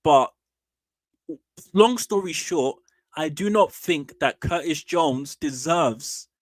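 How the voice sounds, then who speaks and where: A man streaming casual football commentary, animated and opinionated, with slangy repeated asides. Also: fairly high pitch, slow, no echo. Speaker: streamer and fan channel host.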